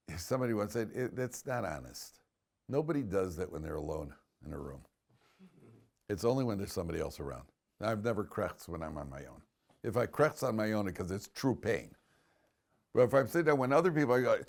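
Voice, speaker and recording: A man teaching a lively Torah class as a rabbi, telling stories, restarting his sentences and chanting Hebrew verses slowly. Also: on the low side.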